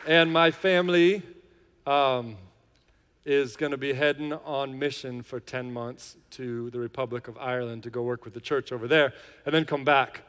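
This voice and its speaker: In a large church hall with a reverberant sound, a lead pastor with a medium-pitched, steady, slightly bright, clean voice speaks at a moderate pace. He opens the sermon and leads worship casually, chatting and joking with his congregation and using lots of fillers.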